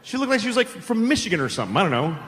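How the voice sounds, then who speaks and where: A man's voice: sits high, sing-song, rapid-fire, fairly bright tone. A middle-aged man doing stand-up comedy, telling stories in a profane, conversational way on a big theater stage. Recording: echoing live hall, audience noise.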